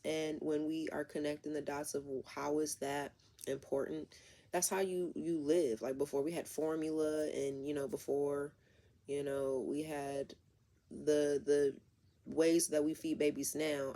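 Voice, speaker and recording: Gravelly-voiced woman chatting through a tarot reading. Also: low voice, mellow. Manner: rambling, talks straight to viewers. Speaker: tarot reader.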